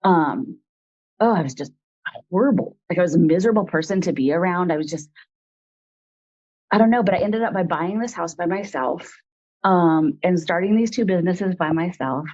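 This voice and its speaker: A woman's voice: on the low side, moderate pace, pauses often, darkish tone, dull audio. A woman in her forties, an interview guest, telling a personal story in a rambling, frank way full of fillers.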